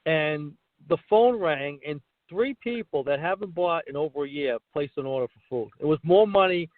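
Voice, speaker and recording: Middle-aged man, comedian guest, animated storyteller, slightly high voice, dry tinny call audio. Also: moderate pace, no echo. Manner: animated, acts out dialogue in his stories. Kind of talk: casual interview storytelling.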